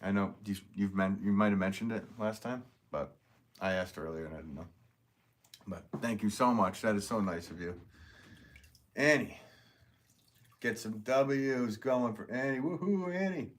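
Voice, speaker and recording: A man with a notably low voice hosts a casual live stream and reads viewer comments aloud. He is upbeat and chatty, laughs often and thanks people warmly. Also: normal speed. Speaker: potter hosting a live stream.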